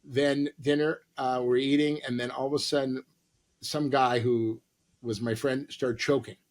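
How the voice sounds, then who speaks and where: A man's voice: mid-range voice, level tone, measured pace. A man who is a comedian and actor, a podcast guest telling a long, rambling, profane anecdote full of quoted dialogue.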